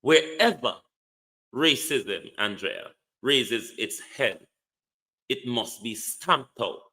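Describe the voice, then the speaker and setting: A Jamaican man hosts a political commentary stream, impassioned and preachy. He talks slowly and punches key words hard. His voice is bright and tense, and its pitch swings widely. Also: expressive. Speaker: online show host.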